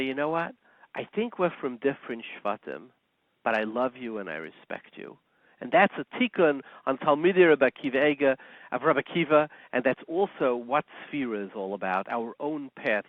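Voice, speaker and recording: Animated rabbi over a tinny phone line. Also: male voice, a little high, no echo. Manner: animated, rhetorical questions, lots of Hebrew terms. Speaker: rabbi, guest radio host. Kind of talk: talk radio teaching with a joke.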